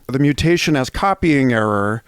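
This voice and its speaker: A man's voice: mid-range voice, expressive, normal speed, smooth, dry recording. Male podcast host, dry close sound. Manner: searching, reads passages aloud. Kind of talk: casual podcast interview.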